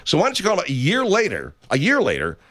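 Animated mocking male radio host. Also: a little high, fast. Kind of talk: comedic radio banter.

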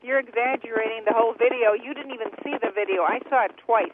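A woman's voice: on the high side, fast. A woman calling in to a radio show, blunt and insistent. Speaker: caller. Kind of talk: call-in chat. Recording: tinny phone line with clear hiss.

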